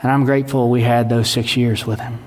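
A man's voice: medium pitch, little pitch movement, a little fast, darkish tone. A man, preaching a sermon in a conversational, folksy way. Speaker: pastor. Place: church sanctuary. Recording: long hall reverb.

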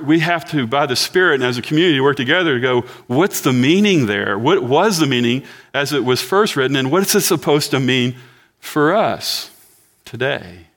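A man in his sixties gives a sermon in a church at an easy, talky pace. He jokes with the congregation and asks them questions, and his voice sits in a middle pitch. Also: a bit bright. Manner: conversational, joking with the congregation. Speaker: pastor.

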